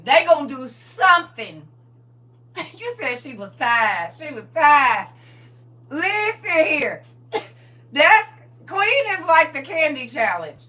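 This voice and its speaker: A woman hosting a livestream in casual chat, laughing often, repeating "listen," and moving into gentle spiritual advice. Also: high-pitched. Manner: laughs often, repeats "listen" and "I'm trying to tell you". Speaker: livestream host. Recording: distant mic with faint hum.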